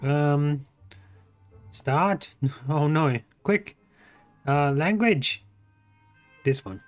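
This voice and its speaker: Slow-talking Australian gamer man. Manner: reads game lines in his own voice, pitch swinging up and down. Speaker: gaming YouTuber. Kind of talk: let's play, reading game text aloud. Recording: faint game music behind the voice. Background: faint game music.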